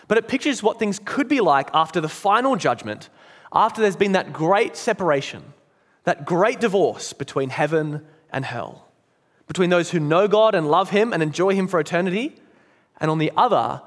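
A man preaching a sermon in an earnest, emphatic way. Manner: earnest, emphatic, drops low and soft at key points. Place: church. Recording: long church reverb.

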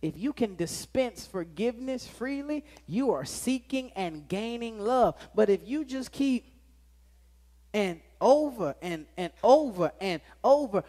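Male pastor, live church sermon; dynamic delivery with sharp loud-to-hushed swings and playful asides. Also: very high voice, lively intonation, a little slow. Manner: joking asides to the congregation. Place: church sanctuary with live congregation.

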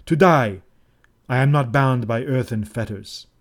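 A scornful, wild-eyed priest drunk on his own triumph, as a male audiobook reader puts him on. He taunts with exultant outbursts and then turns cold and final. The voice sits at an ordinary middle pitch, close to the reader's own. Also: moderate pace, a little mellow, natural voice. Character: ecstatic, half-mad male Egyptian priest. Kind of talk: audiobook character reading.

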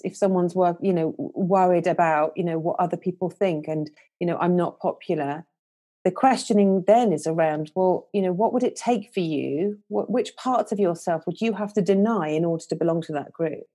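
A woman, a confidence coach speaking as a guest on a podcast, explaining her ideas in an earnest, gently coaching way and acting out inner voices. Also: fairly low pitch, a little fast, few pauses. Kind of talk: podcast interview.

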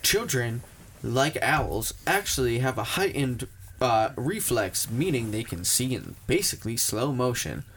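A man imitating an old man reading a script in a slow, halting recital. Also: mid-range voice, sing-song, fairly bright tone, a little hiss or hum, rough recording. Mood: stiff reading.

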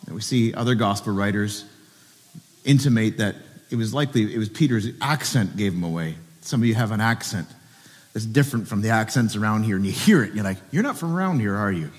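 A man's voice: lowish voice, a little fast, long reverb tail. A pastor preaching a sermon at a church service, earnestly asking his listeners direct questions.

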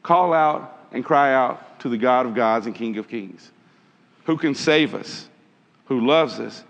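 A man preaching a sermon in an animated, emphatic way, calling out to his listeners and reading scripture aloud. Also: mid-range voice, a little slow. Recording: dull sound with long hall reverb.

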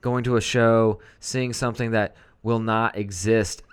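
A man's voice: fairly low pitch, level tone, a little slow, clear, resonant tone. A young man co-hosting a podcast, chatting casually in a laid-back, rambling way and laughing along. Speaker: podcast co-host. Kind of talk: casual chat.

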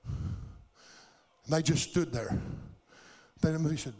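A man preaches a sermon in a slightly high voice. He tells stories at a steady pace and then builds to fervent calls from the pulpit. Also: brisk, long pauses. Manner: storytelling, building to fervent exhortation.

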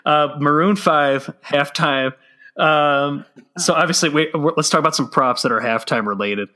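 A man hosting a casual podcast about sports betting, talking loosely with quick asides and swearing. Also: on the high side, bright, forceful tone. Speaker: podcast host.

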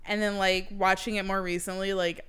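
Chatty American woman, smooth voice. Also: medium pitch, flat delivery, fairly quick, fairly bright tone. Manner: chatty, laughs often, many "like" fillers. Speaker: podcast co-host. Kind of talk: casual film discussion.

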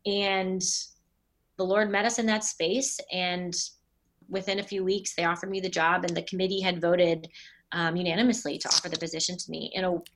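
A middle-aged woman, a pastor, telling a personal story in a casual interview, with animated voices when she quotes people. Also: on the low side, fairly quick.

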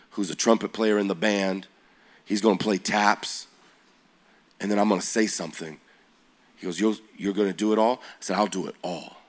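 Man in his forties, youth preacher; low voice, animated storyteller who quizzes the crowd. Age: 40s. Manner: animated, slangy, asks the audience questions.

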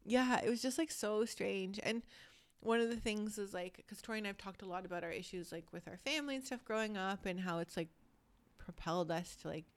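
A woman in her thirties, a podcast co-host, chatting casually with lots of fillers and lively storytelling. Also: medium pitch, fairly quick. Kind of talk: casual chat.

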